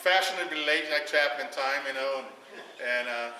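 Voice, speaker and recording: A man telling a long, animated story to a party audience, acting out the quoted voices and laughing often. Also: a little high, normal speed. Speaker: guest speaker telling a story at a retirement party. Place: large echoey hall at a party. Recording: far-off echoey hall recording with faint noise.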